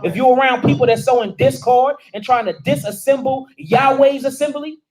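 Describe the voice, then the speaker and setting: A high-pitched man preaching with rising force, firing questions at the room. He talks in a casual, everyday dialect as he breaks down scripture line by line. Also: normal speed, darkish tone, faint music behind, poor audio. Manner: calls out questions and answers to the room; informal dialect speech. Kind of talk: sermon teaching.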